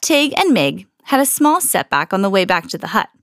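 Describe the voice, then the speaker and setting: Lively woman reading a storybook. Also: mid-range voice, normal speed, no room sound, clean studio sound. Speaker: podcast host reading to children. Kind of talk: children's storybook read-aloud.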